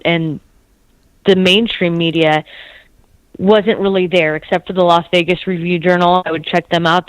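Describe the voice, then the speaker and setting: An American woman guest giving a soft-spoken, steady update, with frequent ums. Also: fairly low pitch, smooth, no room sound, low-quality recording. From United States.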